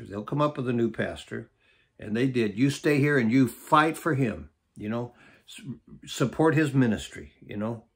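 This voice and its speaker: A middle-aged man teaches a Bible study as a pastor, and his voice is a little husky and breathy. He drives points home with emphatic repeats and quick "okay?" check-ins to his listeners. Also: medium pitch.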